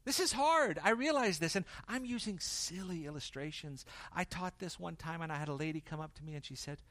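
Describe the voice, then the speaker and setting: A man preaching a sermon, swinging from loud emphasis to quiet intensity and acting out the dialogue he quotes. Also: fairly high pitch, expressive, fairly quick, no echo. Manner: acts out quoted dialogue in varied voices. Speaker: pastor.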